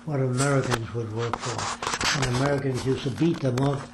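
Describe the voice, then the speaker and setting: A man's voice: mid-range voice, steady tone, moderate pace. Older man recounting his life, echoey room. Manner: rambling storyteller, acts out quoted voices. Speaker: interviewee. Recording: echoey room with faint ambient noise.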